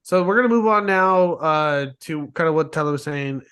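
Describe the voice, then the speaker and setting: A man's voice: fairly high pitch, normal speed, a bit bright, clean tone, faint music behind. A man co-hosting a casual podcast chat, joking around and steering the topics. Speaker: podcast co-host.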